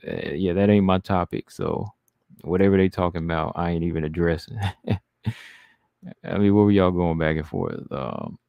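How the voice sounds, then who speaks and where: Deep gravelly man, laid-back stream talk. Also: lively intonation, normal speed, dry recording, phone-quality sound. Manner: laid-back, reads chat comments aloud and answers them. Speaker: livestream host reading chat. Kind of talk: casual livestream chat.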